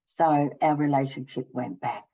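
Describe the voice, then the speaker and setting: A woman's voice: a bass voice, fairly even intonation, moderate pace, gravelly, mellow, lo-fi sound. An older woman hosting her own channel, telling a personal story casually and acting out both sides of each conversation. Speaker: channel host.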